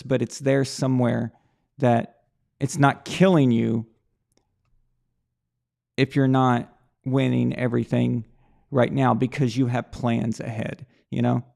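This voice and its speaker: A man's voice: medium pitch, flat delivery, unhurried, vocal fry, pauses often, a little mellow. A man hosting a live sports talk stream, thinking aloud in a rambling way with many restarts and repeated words. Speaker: live show host. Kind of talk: casual sports talk livestream.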